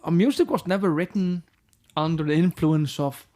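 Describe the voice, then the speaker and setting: Blunt, profane Icelandic rock singer. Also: male voice, on the high side, moderate pace, darkish tone. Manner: frank and profane, acts out quoted dialogue. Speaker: rock band frontman, guest. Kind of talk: candid interview storytelling.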